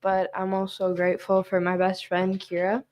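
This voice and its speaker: A young woman speaking as a guest in casual chat, soft-spoken and hesitant. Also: medium pitch, monotone, normal speed. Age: young adult.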